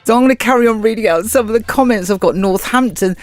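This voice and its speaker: A woman's voice: fairly high pitch, quick pace. A middle-aged woman from England with a southern English accent, hosting a casual radio show and chatting while she reads out listener comments. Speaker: radio host. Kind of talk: casual live-stream radio chat.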